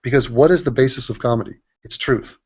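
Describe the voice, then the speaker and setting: Animated man hosting a group video call. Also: mid-range voice, fast, husky. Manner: animated, profane, rambling. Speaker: host. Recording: dull lo-fi call audio.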